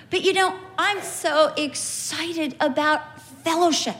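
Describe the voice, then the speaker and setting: A middle-aged woman teaching from the Bible in a conversational way, telling lively stories and acting out the people in them. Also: high voice, slow pace, hardly any pauses. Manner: animated storytelling, acts out quoted people.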